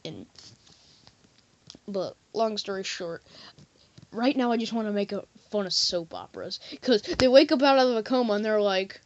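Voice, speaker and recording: A woman's voice: medium pitch, moderate pace, pauses often, highs cut off. A woman talking in a silly, rambling comedy monologue as a vlogger, often jumping into goofy voices.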